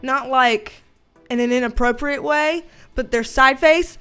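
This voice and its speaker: High-voiced Southern woman chatting on a livestream. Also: unhurried, sharp tone, clean tone, faint music behind. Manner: laughs often while reading viewer comments aloud; chatty, loose and colloquial with mild swearing. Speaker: livestream host and tarot reader. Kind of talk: casual livestream chat.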